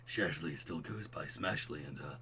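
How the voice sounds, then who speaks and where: A man putting on a deep, buttery laid-back dude. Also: slight background noise, exaggerated voice. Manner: slow, mellow drawl ending on "bro". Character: smooth laid-back young dad, college buddy.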